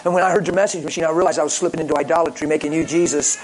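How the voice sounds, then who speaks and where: A male pastor preaching with lively stories, joking and acting out the callers he talks about. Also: a little high, rapid-fire, rough recording. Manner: lively, jokey, acts out callers in voices. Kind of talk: sermon with storytelling.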